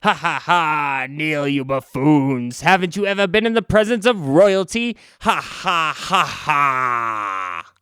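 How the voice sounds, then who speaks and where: A man voicing a shadowy, grandiose alien villain who mocks heroes in a slow, sneering way. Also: fairly high pitch, expressive, sharp tone, clean tone, no room sound, clean studio sound, full character voice. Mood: gloating.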